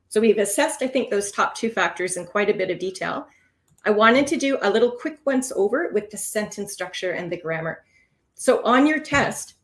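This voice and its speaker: Expressive woman teaching a language test. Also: medium pitch. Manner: expressive, stresses key words, explains patiently. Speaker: test preparation instructor. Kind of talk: live online teaching session.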